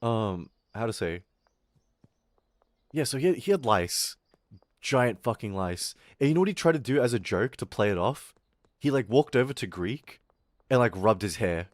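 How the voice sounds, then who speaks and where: A young man streaming, telling a school story in a casual, animated, swearing way. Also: medium pitch, moderate pace, long pauses, dry recording, clean studio sound.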